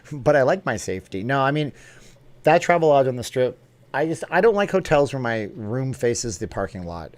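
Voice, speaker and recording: A man hosting a casual live stream, chatting and joking as he answers viewer comments off the cuff. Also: mid-range voice.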